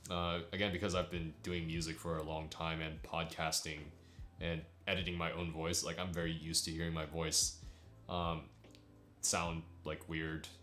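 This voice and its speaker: A man's voice: extremely low pitch, completely flat delivery, moderate pace, bright, forceful tone, roomy sound. A young man chatting casually with his livestream viewers, rambling and laughing often. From United States. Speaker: streamer.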